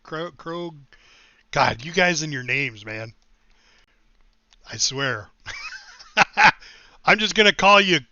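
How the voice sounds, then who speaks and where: A man's voice: a little high, sharp tone, no echo, highs cut off. A middle-aged man streaming a game, telling long personal stories in a casual, rambling way and thanking his followers. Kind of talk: casual storytelling while livestreaming.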